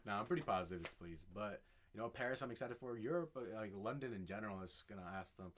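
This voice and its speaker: A young American man co-hosting a podcast, loud and upbeat in casual chat. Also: fairly low pitch, animated, slight background noise. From United States. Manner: loud, upbeat, quick talker. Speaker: podcast co-host.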